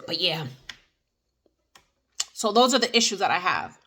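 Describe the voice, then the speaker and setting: Bright-voiced rambling New Jersey woman. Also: on the low side, expressive, a little slow. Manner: rambling, many fillers and restarts. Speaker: vlogger. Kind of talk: casual eat-and-chat vlog.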